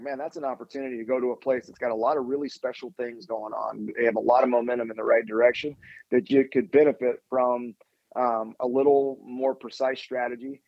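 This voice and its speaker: A man speaks as a podcast guest, his voice sitting at a middle pitch. He talks with energy, stringing ideas into long lists and often restarting his sentences. The recording is dry and a little dull. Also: darkish tone, no echo. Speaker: assistant athletics director, guest. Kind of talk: podcast interview.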